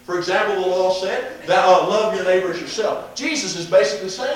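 Male preacher with a high voice, emphatic sermon delivery, recorded from across a very echoey church with a faint hum. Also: fairly quick, few pauses, distant mic. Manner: emphatic, rising when quoting, trailing off at ends of verse citations.

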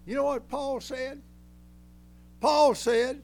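An older preacher in a high, gravelly voice. He delivers a folksy sermon in emphatic bursts, rising loud and then dropping low. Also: animated, unhurried, soft background music.

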